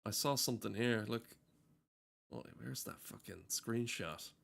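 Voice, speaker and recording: A man's voice: medium pitch, measured pace, gravelly, fairly bright tone. A man giving casual, profane, rambling and cynical commentary while playing a game. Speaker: game streamer.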